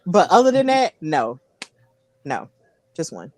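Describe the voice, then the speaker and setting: A woman's voice: fairly low pitch, big pitch swings, measured pace, a little mellow, dry recording. A woman hosting a wrestling podcast, chatty and giggly, often repeating herself. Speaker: podcast host. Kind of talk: casual podcast interview.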